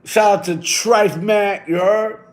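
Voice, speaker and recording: A middle-aged man hosting a casual livestream, telling loose, slangy stories and giving long runs of shout-outs. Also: high-pitched, steady tone, takes it slowly. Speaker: livestream host.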